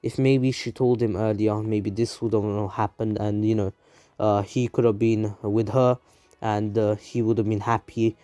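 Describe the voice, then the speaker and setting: A man's voice: fairly low pitch, level tone, moderate pace, dark tone, no echo, soft background music. A man casually narrating a fan story, rambling with many fillers and restarts.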